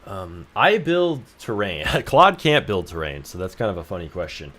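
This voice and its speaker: A man's voice: low voice, very animated, normal speed, fairly bright tone. A young man streaming game development who jokes, swears freely and reads his chat aloud. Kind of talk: casual livestream chat.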